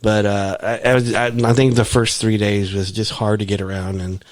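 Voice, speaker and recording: A man co-hosting a podcast, telling stories in a casual, halting way with many restarts. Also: lowish voice, little pitch movement, no room sound. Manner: rambling, halting, frequent restarts. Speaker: podcast co-host. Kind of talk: casual chat.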